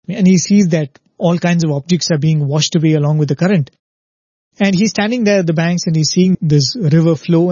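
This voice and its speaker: A man's voice: a little high, dark tone, breathy edge, no room sound, muffled recording. A man giving a spiritual talk who tells a parable earnestly and keeps checking in with the listener. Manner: earnest, repeats "very, very" and asks "right?". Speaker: spiritual speaker.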